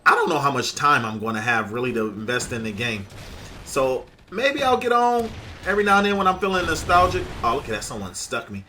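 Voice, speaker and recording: A chatty male gaming host with a bright, sharp-edged tone, talking straight to his viewers. His delivery is upbeat and casual as he comments over gameplay, with a faint hiss under the voice. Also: medium pitch, sing-song, brisk.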